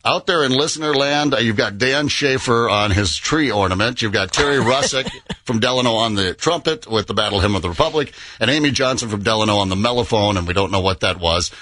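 A man's voice: on the low side, fairly quick, few pauses, bright, forceful tone. A man hosting a call-in radio show, joking and teasing his callers with frequent laughs. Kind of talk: casual morning radio banter.

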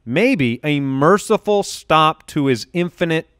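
A man hosting a podcast in an upbeat, joking way. His voice is smooth and clear and sits a little high. He is recorded on a studio mic with a dry, close sound. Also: animated, slow, fairly bright tone, no echo. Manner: upbeat, joking, runs the show. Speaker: podcast host. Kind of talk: casual chat.

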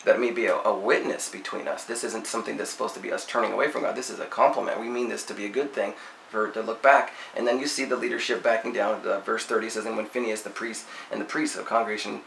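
Man, casual Bible teacher, low gravelly voice, faint noise in the recording. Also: fairly bright tone. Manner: reads scripture aloud then paraphrases it in slangy everyday talk. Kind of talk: casual Bible study commentary. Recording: echoey room with faint noise.

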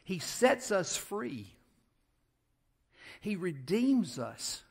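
A man with a Southern American accent, a pastor preaching a sermon in a church, moving from loud emphasis to quiet, conversational asides as he tells a story. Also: sits high, sing-song, extremely slow, gravelly, slightly rough. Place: church sanctuary.

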